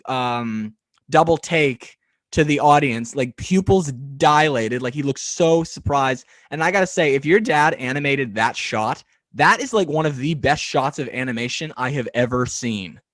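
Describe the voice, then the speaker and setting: A man's voice: mid-range voice, moderate pace, fairly bright tone, no echo. A man hosting a podcast interview over a video call, telling stories in a rambling way with lots of ums and small laughs. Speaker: podcast host. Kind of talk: casual interview chat.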